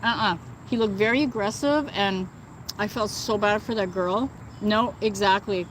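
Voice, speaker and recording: A mid-range, slightly bright female voice at normal speed hosts a casual outdoor livestream where birds and thunder can be heard. She answers viewers indignantly, using lots of "like" and "you know," over poor audio with a little hiss or hum.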